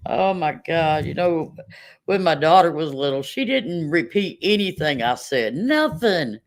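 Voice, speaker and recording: Woman, 50s, chatty livestream host; lively pitch, frequent laughter. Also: unhurried. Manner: laughs often, chatty and rambling. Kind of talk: casual livestream chat.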